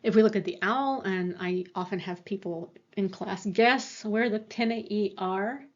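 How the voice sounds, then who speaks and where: A woman lecturer explains at a moderate pitch, stopping often for fillers and restarting her sentences. The recording sounds a little dull and muffled. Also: unhurried. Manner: explanatory, with frequent fillers and self-corrections. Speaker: university lecturer.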